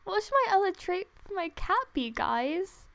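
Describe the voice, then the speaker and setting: A young woman giving casual, excitable commentary while playing a game late at night. She is tired but gushing and giggly, and often squeals. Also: very high-pitched, normal speed, gravelly. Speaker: gaming video creator. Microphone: desktop USB microphone.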